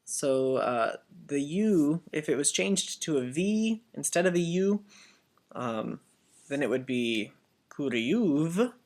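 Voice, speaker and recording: A teacher giving a Biblical Greek lesson as a voice-over, speaking deliberately and repeating each word so learners can copy it. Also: medium pitch. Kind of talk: slow instructional voice-over.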